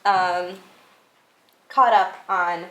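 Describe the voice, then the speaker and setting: A woman's voice: fairly low pitch, steady tone, extremely slow, sharp tone. Chatty woman teaching in an echoey room. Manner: chatty, many "um"s and "like"s, laughs at herself. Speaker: workshop instructor for church readers. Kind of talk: casual teaching talk. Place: church hall. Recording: echoey room with light background noise.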